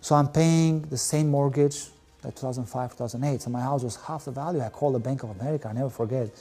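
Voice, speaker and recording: A man's voice: medium pitch, fast, dark tone, husky, soft background music. A man, telling his story as a guest in an interview, candid and rambling with many fillers. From Albania. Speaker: guest, volleyball player. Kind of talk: emotional personal storytelling.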